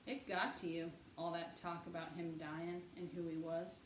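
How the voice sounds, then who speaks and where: A woman's voice: fairly low pitch, little pitch movement, normal speed, lightly acted. A woman voicing a pushy, nosy, chatty boy with a wheedling way of talking. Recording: echoey room, faint hiss.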